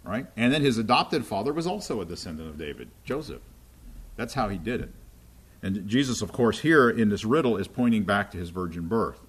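A man's voice: on the low side, very animated, a little fast, breathy edge. A man preaching in a conversational teaching style, often checking in with his listeners as he explains scripture. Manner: checks in with listeners often, asking "right?" and "okay?".

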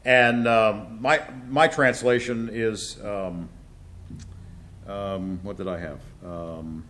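A man teaching a Bible class, talking with many fillers and restarts and slowing down to stress key words. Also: on the low side, steady tone, fairly bright tone, a little hiss or hum.

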